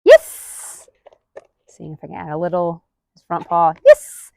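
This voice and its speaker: A woman dog trainer narrating a training session, murmuring quiet asides and counts, then calling out loud, high-pitched praise to her dog. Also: level tone, a little fast, gravelly, no echo, lo-fi sound. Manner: counts softly under her breath. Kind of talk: live commentary during a dog training session.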